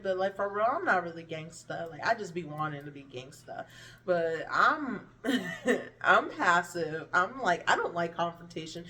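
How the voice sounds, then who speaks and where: A woman vlogger telling a painful personal story in a candid, blunt and animated way, swearing freely and acting out what others said. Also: lowish voice, recorded from a distance. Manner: blunt, profane and animated, with vivid impressions of others.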